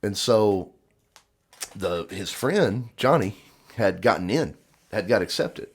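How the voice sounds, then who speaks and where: Slow and slightly rough, this man's lowish voice carries a casual podcast chat. As host, he tells stories with lots of animation, performing the quoted voices and breaking into frequent laughter.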